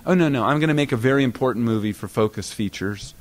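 This middle-aged man speaks at a middle pitch and lectures in a hall. He tells anecdotes at a quick clip, stumbling and repeating himself. He jumps up in pitch whenever he quotes other people. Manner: animated anecdotes, acting out other people's lines with a raised pitch. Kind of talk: storytelling lecture.

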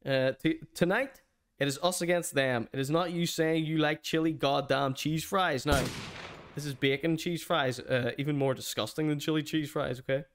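A man's voice: a little high, steady tone, moderate pace, background noise. A man hosting a streamed show, giving a mocking, theatrical comedic rant.

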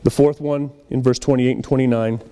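A man's voice: mid-range voice, fairly even intonation, fairly quick, dark tone, long reverb tail, a little hiss or hum. A man preaching a conversational sermon in a church, acting out little dialogues as he goes. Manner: conversational preaching with acted-out quotes. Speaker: pastor.

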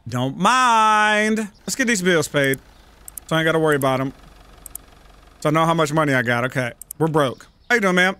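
A man's voice: a little high, sharp tone. A man giving casual, profane let's-play commentary, joking and bantering with the shoppers in a store game. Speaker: gaming channel host.

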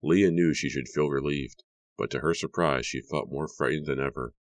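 A man narrating a horror audiobook in a steady, measured reading. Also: extremely low pitch, no echo.

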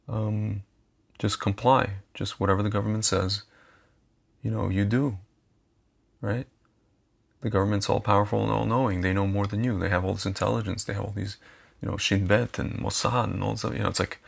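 In a lowish, creaky voice, a man chats straight to his viewers as a commentator. His direct-to-camera monologue is casual and repetitive, and he keeps calling the audience his friends.

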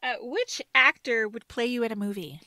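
A woman co-hosting a podcast, playful and teasing, quick to laugh in casual chat. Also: a little high, pushed and bright, no room sound. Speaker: podcast co-host.

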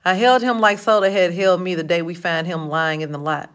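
Narrating an audiobook novel told in the first person, a woman keeps a brisk, even pace with a touch of expression. Her pitch is fairly low.

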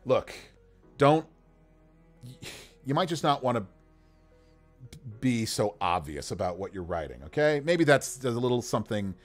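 A man voicing a suspicious male paladin who questions sharply, then gives low advice. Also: big pitch swings, a little slow, long pauses, soft background music. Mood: advising. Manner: wary questioning, then lower and advising.

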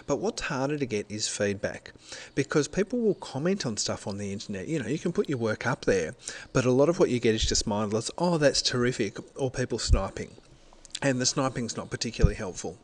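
Aussie-based teacher guy walking through his slides, chatty, fixes himself as he goes, middle-aged, medium pitch. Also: expressive, a little fast. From Australia. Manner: conversational, self-correcting, explaining step by step. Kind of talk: recorded presentation.

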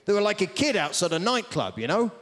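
A man on a theatre stage doing stand-up, his pitch leaping around as he rambles through a story and calls out to the crowd. His voice sounds slightly high for a man. It carries a long hall echo, with a loud audience behind it. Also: big pitch swings, fast. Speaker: stand-up comedian. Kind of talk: stand-up comedy. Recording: big theatre with roaring audience.

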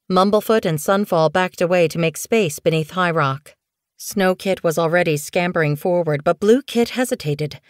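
A woman narrating an audiobook in a measured, unhurried reading style. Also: on the low side, no room sound, studio quality. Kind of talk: scripted narration.

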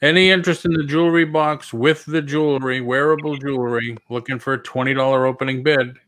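A man's voice: medium pitch, fairly even intonation, fairly quick, a bit bright. A man hosting a live online auction, easygoing and joking as he calls for bids.

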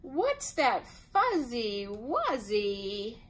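A boastful, excitable female alligator from a storybook, put on by a woman reading aloud. She sounds high and swoops about, bossy and full of bounce. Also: a little slow, exaggerated voice.

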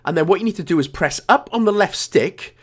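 A man's voice: high-pitched, animated, a little fast, husky. A man with a Welsh accent talking through a video game walkthrough in a chatty, jokey way with self-mocking asides. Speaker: gaming guide creator.

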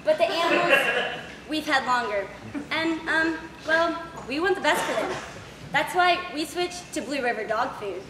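A woman playing an overwrought housewife in a comedy sketch, melodramatic and laughing through rants and shouts. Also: high voice, expressive, unhurried. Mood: earnest. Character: overwrought housewife spiraling into comic outrage. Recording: roomy, faint background hiss.

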